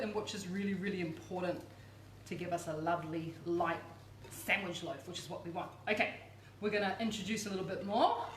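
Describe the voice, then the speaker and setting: A woman's voice: mid-range voice, a little hiss or hum. Chatty woman cooking host, roomy kitchen. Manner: chatty, enthusiastic, playful asides. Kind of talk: cooking demonstration.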